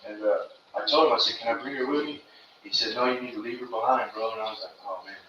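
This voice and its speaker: A man's voice: mid-range voice, fast talker, sharp tone. A man sharing an earnest, rambling personal testimony at a recovery meeting, talking in casual slang. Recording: distant, echoey, muffled room recording with noise.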